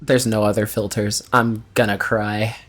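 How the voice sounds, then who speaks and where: A man's voice: on the low side, flat delivery, measured pace, soft background music. A man acting as game master in casual chat before a session, laughing often and swearing freely.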